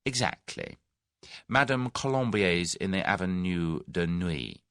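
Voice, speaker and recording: A man voicing a large, smooth-talking scheming businessman in a mystery audiobook. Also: sits low, expressive, unhurried, fairly bright tone, dry recording, studio quality, full character voice. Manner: suave, oily and persuasive.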